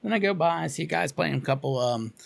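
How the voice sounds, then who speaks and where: A man with a Cincinnati accent, co-hosting a podcast and telling a story in a loose, profane, animated way. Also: on the high side, fairly quick, vocal fry. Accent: Cincinnati, Ohio. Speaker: podcast co-host. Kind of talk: casual storytelling chat.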